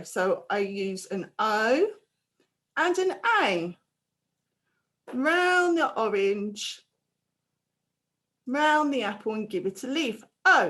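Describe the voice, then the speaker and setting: A woman teaching a phonics lesson to young children, prompting them with slow, clear, drawn-out sounds. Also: on the high side, a bit bright. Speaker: primary school teacher.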